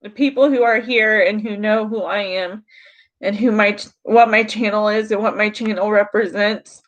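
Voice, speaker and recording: A woman's voice: mid-range voice, fairly even intonation, normal speed, lo-fi sound. Tearful congested woman on a livestream. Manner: tearful, frustrated, talking to chat. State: congested from crying. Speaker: YouTuber on a livestream. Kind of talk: emotional livestream talk to chat.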